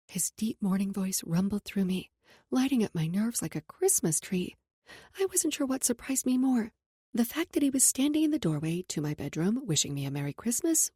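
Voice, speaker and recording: A woman's voice: fairly high pitch, mellow, husky, no room sound. A woman narrating a romance audiobook in an intimate first-person voice that drops to a whisper in close passages.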